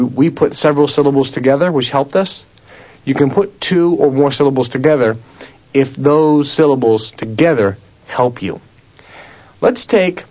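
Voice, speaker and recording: Male instructor, animated tape-lesson delivery, repeats syllables aloud, dull lo-fi sound. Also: medium pitch, slightly rough. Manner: animated, questioning teacher, repeats words aloud. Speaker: memory course instructor. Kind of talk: recorded audio lesson.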